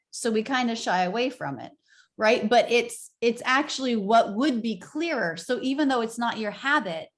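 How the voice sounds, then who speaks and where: A woman coaching English pronunciation, encouraging and demonstrating pitch changes with exaggerated examples. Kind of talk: accent coaching session.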